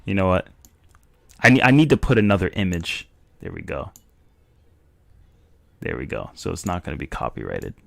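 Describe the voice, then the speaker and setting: A man's voice: sits low, moderate pace, creaky, pauses often, no echo. A young man giving casual, joking live commentary as a streamer reacting to a video. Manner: animated and joking.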